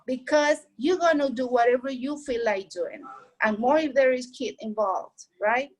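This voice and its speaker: A woman's voice: sits high, normal speed, rough recording. A woman whose first language is Spanish, giving heartfelt, earnest advice in a casual way and repeating her points to encourage the listener.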